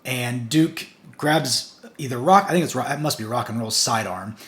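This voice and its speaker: A man's voice: mid-range voice, normal speed, a bit bright. A man casually recapping a comic book issue, stringing events together in long run-on sentences. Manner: chatty, recounts the plot in long run-on strings with "and" and "basically".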